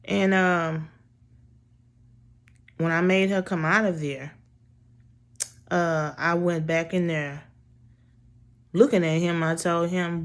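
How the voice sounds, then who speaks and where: Woman, casual storytelling, unhurried delivery, blunt, exasperated, swears freely. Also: fairly low pitch, fairly even intonation.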